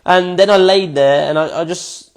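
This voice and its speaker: Man, casual vlog, reads his notes aloud, reflective, swears, voice on the higher side, giggle fits. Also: normal speed. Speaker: vlogger.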